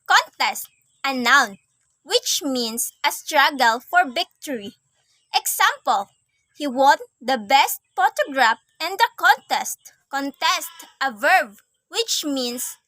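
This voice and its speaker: A young woman student reading a class assignment aloud, reciting definitions and examples in a careful, measured way. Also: sits high, sharp tone, no echo, low-quality recording.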